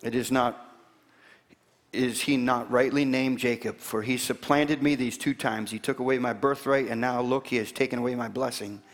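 A man's voice: medium pitch, fairly even intonation, moderate pace, lightly acted. A man reading the lines of a grown son pleading for his father's blessing, with long hall reverb.

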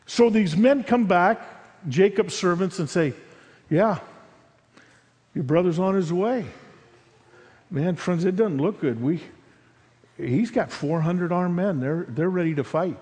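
A high-pitched man preaches, acting out the figures of the story as he goes. His delivery swings from ringing emphasis down to near-hushed lines. A long reverb trails every phrase, as in a big hall. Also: takes it slowly, long pauses. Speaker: pastor. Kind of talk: sermon.

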